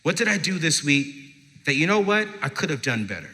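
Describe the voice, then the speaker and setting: A man giving a live inspirational talk to an audience at a parenting event, telling stories emphatically with slow, dramatic pauses. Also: on the high side, big pitch swings, sharp tone, a little hiss or hum. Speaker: motivational speaker at a parenting event. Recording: long hall reverb from a live venue.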